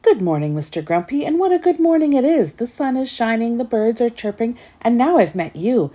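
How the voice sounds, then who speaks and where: Storybook chatterbox, a woman putting her on: high, bubbly, gushing, breathy. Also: sing-song, fairly quick, dark tone. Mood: cheerful. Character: chirpy endlessly talkative little woman.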